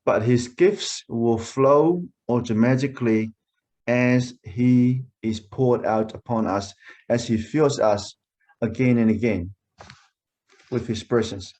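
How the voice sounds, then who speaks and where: Slow, deliberate man preaching a sermon. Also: medium pitch, a little mellow. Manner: deliberate, emphatic repetition of key phrases. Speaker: pastor. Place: church.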